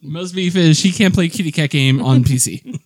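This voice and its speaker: A co-host with a mid-pitched voice drops deadpan jokes into a casual podcast conversation. The voice sounds dry and close to the mic. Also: normal speed, dry recording. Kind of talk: casual chat.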